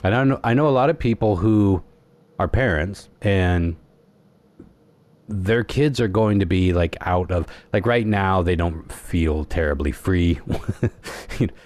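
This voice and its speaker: Deep-voiced laid-back male podcast host. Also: unhurried, darkish tone, no room sound. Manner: rambling, laid-back storytelling. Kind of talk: casual chat.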